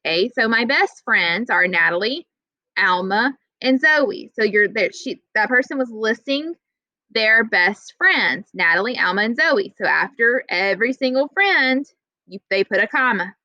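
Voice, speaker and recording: Bright-voiced woman teaching a grammar lesson. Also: on the high side, lively intonation, no echo, highs cut off. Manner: explains plainly, reads example sentences slowly.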